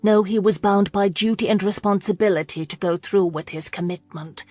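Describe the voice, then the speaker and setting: A woman narrating a historical romance audiobook in a measured, even storytelling manner. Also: mid-range voice, no room sound, soft background music.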